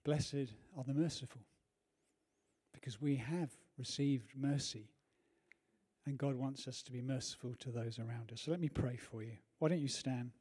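A man preaching a sermon in a church, telling a personal story earnestly, moving from hushed to loud. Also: mid-range voice, moderate pace, husky.

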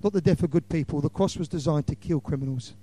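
A middle-aged man preaching an impassioned evangelistic sermon, swinging between loud declarations and hushed lines. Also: a little high, fast.

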